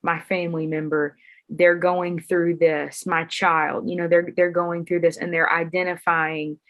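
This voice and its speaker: Lower-voiced woman host, measured. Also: little pitch movement, a bit bright. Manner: measured and thoughtful, with filler pauses. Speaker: podcast host. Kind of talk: casual chat.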